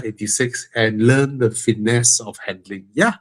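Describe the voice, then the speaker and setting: A man's voice: mid-range voice, a little slow, few pauses. A man with a Malaysian English accent hosting a live car-buying Q&A, frank and joking, with a stuffy nose that makes him breathe heavily. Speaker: host answering car-buying questions. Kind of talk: live Q&A stream.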